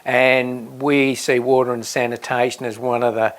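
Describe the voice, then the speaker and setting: A man speaks earnestly in an interview, laying out his points step by step. His pitch sits in a middle range for speakers on this show. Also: level tone, moderate pace. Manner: earnest and explanatory. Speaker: Rotary volunteer. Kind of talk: conversational interview.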